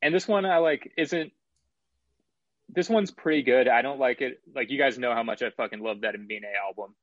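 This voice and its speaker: A man hosting a casual album review chat, talking in an analytical and measured way with some swearing. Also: mid-range voice, no room sound, muffled recording.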